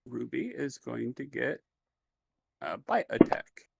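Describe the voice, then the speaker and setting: A gravelly-voiced man runs a tabletop game, easygoing and loose as he narrates. His voice sits in a middle pitch with a rough fry underneath. It is recorded close and dry. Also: big pitch swings, slow, darkish tone, no room sound. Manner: laid-back, easygoing, lots of fillers. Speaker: game master.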